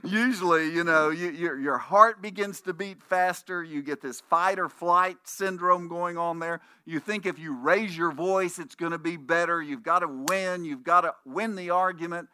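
A man delivers a conversational sermon as a pastor, telling stories and voicing the people in them. His voice is bright and a little higher than most men's. It sounds dry and close, with no room echo. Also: normal speed, hardly any pauses, clean tone. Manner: conversational preaching with anecdotes and restarts; puts on voices when quoting people in stories.

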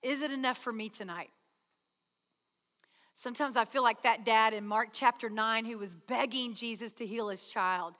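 Woman retreat speaker, high bright voice, earnest sermon, hall reverb. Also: moderate pace. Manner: earnest, acts out prayer dialogues with God. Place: large hall.

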